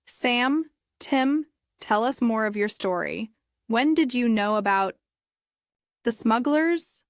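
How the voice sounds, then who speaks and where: A woman's voice: a little high, animated, slow pace, dry recording, clean studio sound. A woman reading as a polite village constable. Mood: curious. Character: friendly male village police constable.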